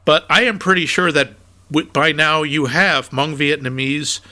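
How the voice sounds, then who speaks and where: Bright-voiced chatty man. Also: a little high, a little slow. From New England. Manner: rambling, chatty, with many restarts. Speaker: podcast co-host. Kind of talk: casual film chat.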